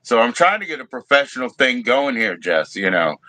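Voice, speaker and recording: A man's voice: mid-range voice, big pitch swings, brisk, noisy background. A man co-hosting a casual livestream chat, joking and teasing, laughing often, heard over a phone video call. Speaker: livestream co-host.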